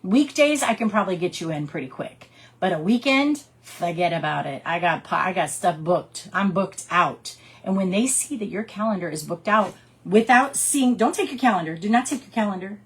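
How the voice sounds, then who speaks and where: A woman who works as a direct sales consultant, giving her team casual coaching and acting out customer conversations in lively quick put-on voices. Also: fairly low pitch, husky. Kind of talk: casual training talk with storytelling.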